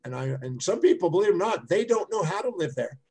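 A man's voice: high voice, expressive, quick pace, a little mellow, husky, low-quality recording. A middle-aged man giving an emphatic, conversational talk, telling anecdotes with frequent restarts. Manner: emphatic, repetitive restarts, storytelling. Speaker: speaker and teacher.

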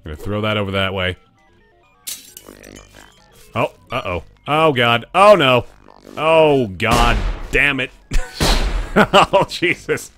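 A young man commentating a game live for his chat, chatty one moment and yelping or cursing the next as threats appear. His voice is bright and forceful at an ordinary pitch, with faint game music underneath. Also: takes it slowly, pauses often. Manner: excitable, swears and yelps at in-game danger. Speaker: gaming streamer. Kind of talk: live let's play commentary.

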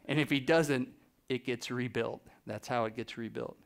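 A man giving a live, animated storytelling talk to an audience as a photographer, acting out the people he quotes by dropping his voice. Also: medium pitch, normal speed, creaky. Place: presentation room with a live audience.

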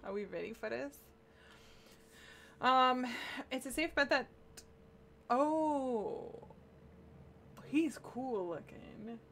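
A woman's voice: sits high, animated, very slow, vocal fry, long pauses, fairly bright tone, slight background noise. A woman streaming a video game, chatting playfully with viewers, greeting them by name and humming along with a giggle. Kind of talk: casual live-stream chat.

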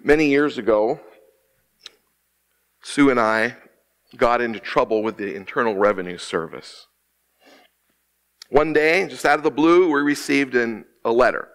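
A middle-aged man preaches a sermon in a church sanctuary, his voice sitting in an ordinary middle pitch. He slows down and stretches key words for emphasis, rising on the punch lines. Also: fairly bright tone. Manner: preaching with dramatic pauses and slowed emphasis. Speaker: associate minister.

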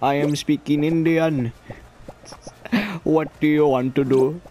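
A man's voice: on the high side, fairly even intonation, slow pace, noisy background. A man putting on a mock computer voice with a put-on Indian accent, in clipped, broken phrasing. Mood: mock-robotic.

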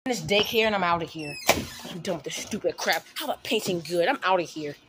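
A woman's voice: on the low side, lively intonation, a little fast, heavy background noise. A woman acting in an improvised comedy skit, mocking, bossy and dramatic.

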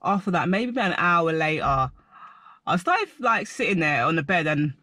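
A young man telling a rambling personal story to camera, animated and full of filler words. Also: on the high side, normal speed, no echo. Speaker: vlogger.

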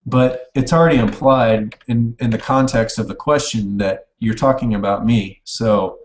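A man teaches in an easy, casual way, stopping now and then to correct himself. His voice sits at a middling pitch. He sounds a little distant from the mic in a roomy, echoing space, with keyboard typing behind him. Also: a little slow. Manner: casual, self-correcting, types while explaining. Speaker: online language teacher. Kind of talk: informal recorded lecture. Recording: echoey room, mic at a distance.

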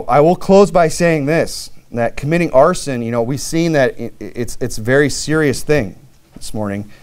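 A man's voice: medium pitch, darkish tone. Man preaching in a chatty storytelling way. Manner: loose, conversational, with many fillers and restarts; wry, self-mocking humor. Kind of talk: storytelling sermon.

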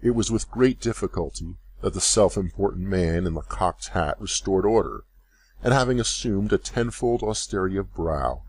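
Low-voiced man narrating a storybook. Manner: measured, expressive reading. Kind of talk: graded-reader story narration.

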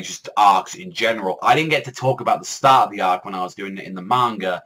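A man's voice: low-pitched, pushed and bright. A man casually reviewing an anime episode, rambling and swearing a lot. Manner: rambling, heavy swearing, many "like" fillers.

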